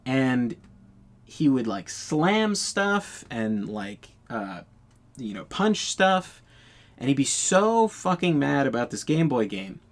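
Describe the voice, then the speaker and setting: A man's voice: mid-range voice, big pitch swings, takes it slowly. A young man telling a casual storytime anecdote in a blunt, profane, incredulous way.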